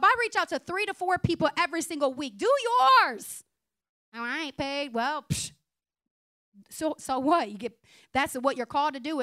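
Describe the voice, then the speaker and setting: Lively, blunt young woman pastor. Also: sits high, no room sound. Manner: blunt, humorous and animated, laughs often. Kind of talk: conversational sermon. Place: church sanctuary.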